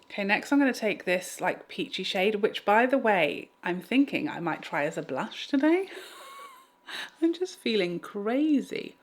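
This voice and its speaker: Casting: chatty beauty vlogger, woman, mid-pitched, playful and self-deprecating. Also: very animated, normal speed, hardly any pauses. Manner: bubbly, self-mocking, talks to viewers. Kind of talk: chatty makeup tutorial. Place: home room with a fan.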